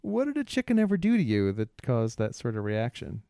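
A man co-hosting a podcast, telling a rambling story in casual chat, halting often, laughing, and imitating bystanders' voices. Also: medium pitch, wildly swooping pitch, vocal fry, warm tone, no echo, studio quality. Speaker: podcast co-host.

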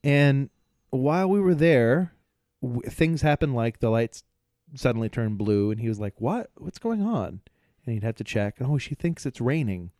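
A man co-hosting a casual podcast chat, telling stories with lots of laughter and acted-out yelling. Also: medium pitch, moderate pace, no echo, studio quality. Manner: animated storyteller, laughs often, acts out yelling at devices. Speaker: podcast co-host.

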